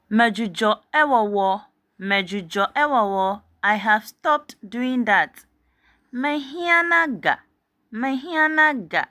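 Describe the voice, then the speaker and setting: Slow, bright woman drilling phrases. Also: on the high side, no echo, clean studio sound. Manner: says each phrase twice, then gives the meaning. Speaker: language teacher.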